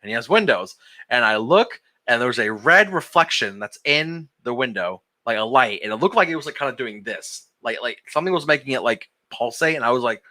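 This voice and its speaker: A young man hosting a casual podcast, telling a story with lots of energy. His voice is very bright and forceful, and his pitch swings widely. He swears freely and laughs through his story. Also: expressive, brisk. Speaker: podcast co-host. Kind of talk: casual group chat, storytelling.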